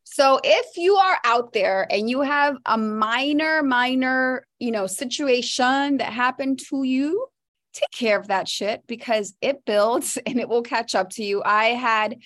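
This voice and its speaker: A woman's voice: on the high side, fairly bright tone. A woman podcast co-host in casual chat, blunt and upbeat, swearing casually.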